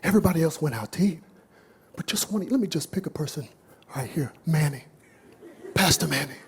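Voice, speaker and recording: A man preaching a sermon in a church, telling a parable with dramatic swings from low murmurs to high, excited shouts. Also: brisk, slight background noise. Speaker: pastor. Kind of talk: sermon storytelling. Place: church sanctuary with congregation.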